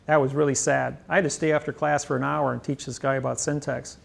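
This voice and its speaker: A man's voice: mid-range voice, little pitch movement, quick pace, vocal fry. A man lecturing on grammar, rambling emphatically and boasting about himself. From United States. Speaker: seminar lecturer.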